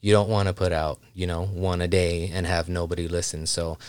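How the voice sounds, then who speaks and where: A man with a very low voice hosts his own podcast, speaking candidly and with some strain of emotion. He rambles loosely, leaning on fillers as he talks. The sound is dry and close, with no room around it. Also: little pitch movement, brisk, a little mellow, clear, resonant tone, dry recording. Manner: candid, rambling, heartfelt, many "you know" fillers. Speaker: podcast host. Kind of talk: casual solo podcast talk.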